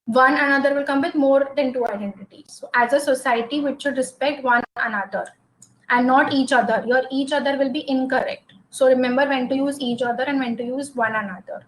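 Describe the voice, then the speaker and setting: A woman gives a grammar lesson, with a high-pitched voice. She explains each point patiently, step by step, and checks in with the class by asking "okay?" after nearly every example. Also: fairly even intonation, brisk, fairly bright tone, rough recording. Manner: explanatory, says "okay?" often. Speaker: English grammar teacher. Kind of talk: classroom lecture.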